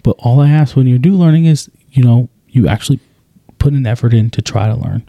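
A man in his thirties, a podcast co-host in casual chat, telling animated stories and acting out what he says. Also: medium pitch, brisk, creaky, no room sound, lo-fi sound. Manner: animated storyteller, acts out quotes.

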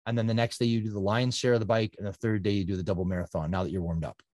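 Lively man, low and dry. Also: no room sound. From Canada. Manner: animated, energetic retelling with quick restarts. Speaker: guest, triathlete. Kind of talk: casual storytelling interview.

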